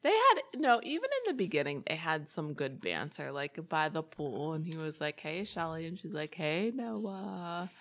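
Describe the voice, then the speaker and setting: A woman's voice: sits low, very animated, moderate pace, hardly any pauses, fairly bright tone. A woman in her thirties co-hosting a podcast, chatting casually, laughing easily and telling stories with animation. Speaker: podcast co-host. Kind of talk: casual chat.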